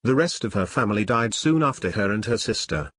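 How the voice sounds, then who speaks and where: A man narrating his own novel in the first person, reading at a measured pace. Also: on the low side, lively intonation, a bit bright, no echo, studio quality. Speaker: author and narrator. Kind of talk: audiobook narration.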